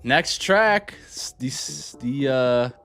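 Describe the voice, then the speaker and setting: Hosting a music reaction channel, a man gives a casual first-listen album reaction, thinking aloud hesitantly and frequently restarting sentences. His medium-pitched voice is animated, gravelly and fairly bright, and he takes things slowly.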